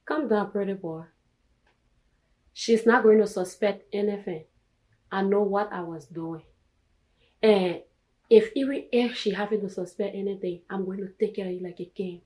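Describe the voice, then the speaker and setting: A woman's voice: medium pitch, moderate pace, long pauses, warm tone, reverberant, lightly acted, poor audio. An actress with a Liberian English accent playing a confident mistress, coaxing and boasting to a married man.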